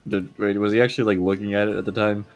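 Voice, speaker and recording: Lower-voiced man at a tabletop game. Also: little pitch movement, very fast, muffled recording, soft background music. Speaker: player. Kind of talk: casual tabletop role-play.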